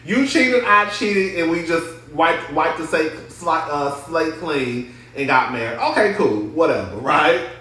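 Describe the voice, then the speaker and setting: A man's voice: a little high, animated, measured pace, few pauses, bright, forceful tone. A man giving a sassy, gossipy, profane commentary on a reality show in a casual vlog. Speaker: reality TV reviewer. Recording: very echoey room.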